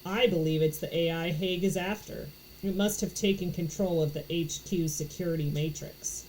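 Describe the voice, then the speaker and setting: A woman's voice: fairly low pitch, fairly even intonation, a little mellow, a little hiss or hum, natural voice, low-quality recording. A woman voicing a male henchman who speaks with a drawling American Southern accent, in a book read aloud. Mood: wry. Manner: drawling, unhurried.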